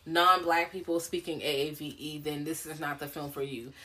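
Young woman on a podcast, lowish voice, swears a lot, tells stories loose and frank. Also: moderate pace, crowd noise. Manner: frank, profane, animated storytelling. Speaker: podcast co-host. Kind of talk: casual chat.

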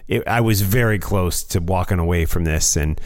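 A man's voice: deep voice, normal speed. An American man hosting a podcast, chatting in a rambling, self-deprecating way while reading out supporters' names. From United States. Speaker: podcast host. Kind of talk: casual chat.

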